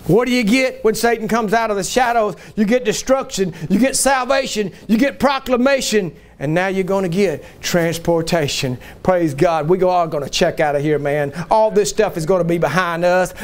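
Man, pastor preaching in church, very high voice, folksy emphatic storytelling. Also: normal speed, few pauses. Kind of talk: sermon.

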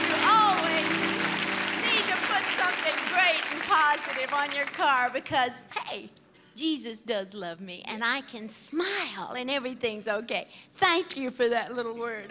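A woman's voice: high-pitched, animated, unhurried, background noise. A woman co-hosting a Christian TV show, giving an emotional, giggly testimony to a live crowd. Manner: giggly, emotional, laughs often. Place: large camp meeting hall with live audience. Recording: 1980s TV broadcast, lo-fi, reverberant hall.

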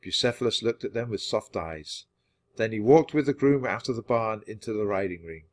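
A man narrating a children's book aloud for language learners, reading clearly and steadily. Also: on the low side, animated, moderate pace.

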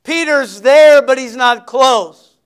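A man's voice: very high-pitched, slow pace, fairly bright tone, clean tone. A male pastor preaching a sermon, telling Bible stories dramatically with folksy, conversational asides. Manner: dramatic storytelling, acting out scenes.

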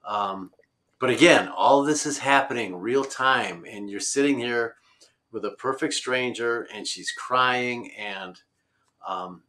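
Bright-toned man telling a road story. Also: mid-range voice, takes it slowly. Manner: rambling, many fillers and restarts. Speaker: road-trip traveler guest. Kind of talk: conversational storytelling.

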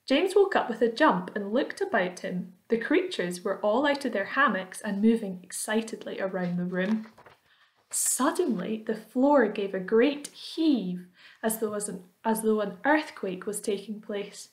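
A woman reading a children's book aloud in a friendly way, pausing to explain the story to young listeners. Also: medium pitch, lively intonation.

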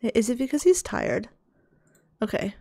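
A woman giving casual commentary over her life-sim gameplay, excitable and dramatic, gasping and laughing as she reacts. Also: fairly high pitch, unhurried, creaky, slightly rough, no room sound. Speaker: video game let's-play host.

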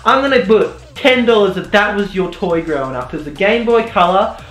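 A man's voice: lively intonation, moderate pace, fairly bright tone. A young man in a rambling, sarcastic comedic commentary, ranting and joking as he goes. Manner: sarcastic, mock-ranting, jumpy pitch. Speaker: YouTuber commentator. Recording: roomy echo, faint music.

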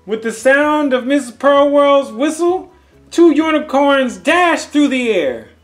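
Older grandfather type reading to kids, unhurried, very expressive pitch, music bed. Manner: slow, expressive, asides to young listeners. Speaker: storyteller. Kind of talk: reading a children's picture book aloud.

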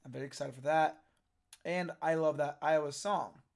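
Hoarse young man reacting casually. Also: a little high, normal speed. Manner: excitable, swears casually, laughs often. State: hoarse, losing his voice. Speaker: reaction video host.

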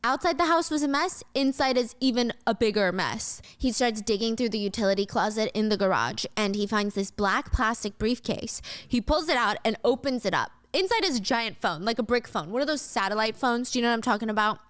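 A woman's voice: a little high, brisk, few pauses, no room sound. A young woman host casually retelling a film plot scene by scene, with vivid detail. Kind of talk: casual storytelling recap.

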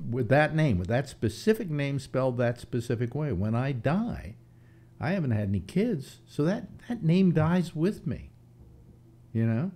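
A man's voice: mid-range voice, animated, unhurried, mellow, a little hiss or hum. A man in his seventies hosting a casual talk show, rambling through philosophical musings with frequent restarts. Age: 70s. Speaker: host.

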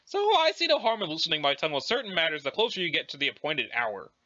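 A man's voice: on the high side, very animated, quick pace, pushed and bright. A man voicing a polite, formal young alien woman with a prim, fussy manner, in a dramatic reading. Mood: earnest, explaining. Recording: dull lo-fi recording.

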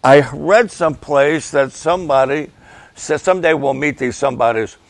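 An older man, a pastor, giving an emotional, halting update and prayers for his ministry partners. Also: on the high side, no echo. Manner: emotional, halting, slow and gravelly.

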